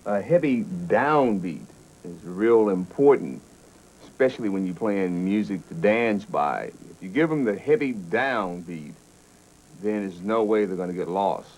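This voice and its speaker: A man's voice: low voice, lively intonation, a little slow, darkish tone, low-quality recording. A man, a funk musician, earnestly explaining musical rhythm to an interviewer. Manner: earnest, explanatory, a few restarts.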